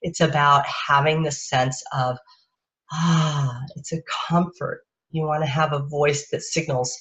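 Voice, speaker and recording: A woman parenting coach giving a live-streamed talk in a soft, unhurried, lulling way, speaking into a webcam or phone. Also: sits low, steady tone. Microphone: webcam or phone on a live video stream. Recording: dull lo-fi stream audio.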